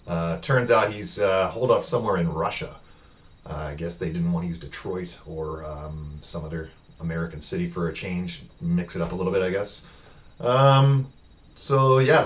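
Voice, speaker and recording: A man's voice: sits low, far from the mic. A man giving a casual, rambling film review recap, with lots of ums and uhs, quoting the characters in his own voice.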